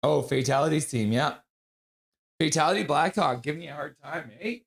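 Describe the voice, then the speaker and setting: A man's voice: fairly high pitch, moderate pace, gravelly. A man hosting a casual live stream, reading viewer comments aloud and greeting people by name, sniffly with a runny nose. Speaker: livestream host.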